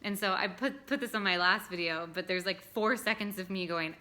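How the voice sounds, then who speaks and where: A tired young woman chats to the camera in a bright, forward voice. She laughs often and leans on ums and likes as she talks. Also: medium pitch, a little fast. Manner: chatty, laughing often, many fillers. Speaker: vlogger. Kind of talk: casual chat to camera.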